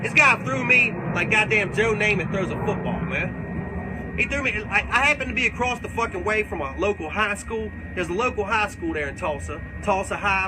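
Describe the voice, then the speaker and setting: A man's voice: high-pitched, heavy background noise, lightly acted. A man playing a crude, boastful redneck character who rambles through tall tales and swears constantly during a comedic livestream Q&A. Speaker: comedic character answering fan questions.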